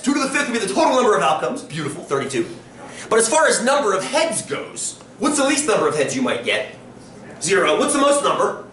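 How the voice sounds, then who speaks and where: High-voiced man lecturing in echoey classroom. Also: distant mic, a little hiss or hum. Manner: lively, quizzing students often. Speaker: statistics teacher. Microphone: distant room recording.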